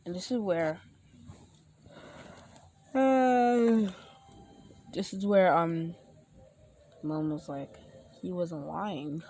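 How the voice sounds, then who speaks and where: A woman's voice: medium pitch, expressive, drawn-out words, pauses often, dark tone, soft background music. A young woman casually retelling her fan fiction story, rambling with many fillers and restarts and acting out the characters' lines.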